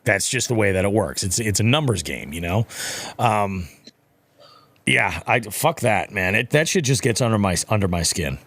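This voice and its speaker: A man's voice: lowish voice, lively intonation, normal speed, fairly bright tone, no echo. A man co-hosting a podcast, giving blunt, profane opinions in casual talk. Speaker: podcast co-host. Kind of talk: casual chat.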